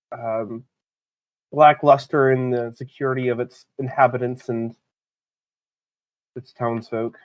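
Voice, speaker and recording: A man's voice: mid-range voice, no echo, lightly acted. A man doing a snarky, haughty student. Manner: sarcastic, halting.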